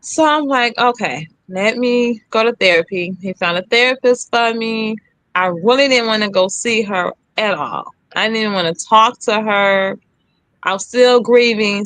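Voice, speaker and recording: Emphatic woman with a bright, close voice. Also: medium pitch, dry recording. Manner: emphatic, re-enacts her own and others' lines. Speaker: guest sharing her story. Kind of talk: candid personal storytelling.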